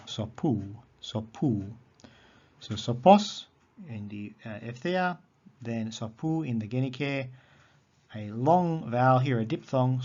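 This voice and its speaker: A man teaching a recorded lesson on Greek accents, methodical and repeating key terms slowly. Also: mid-range voice, muffled recording.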